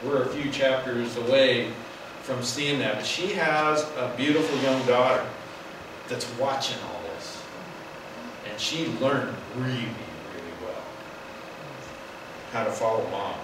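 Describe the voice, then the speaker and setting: A man teaching a Bible class in an animated, wry, conversational way. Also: medium pitch, unhurried, long pauses. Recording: echoey room from far off, noisy.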